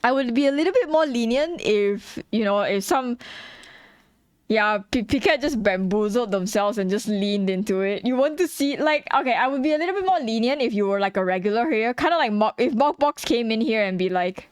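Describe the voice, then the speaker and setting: A woman's voice: a little high, expressive, a little fast, clean tone, no echo. Blunt chatty woman streamer, dry sound. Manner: chatty and blunt, laughs often, mimics chat questions. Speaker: streamer and artist. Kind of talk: casual livestream chat while drawing.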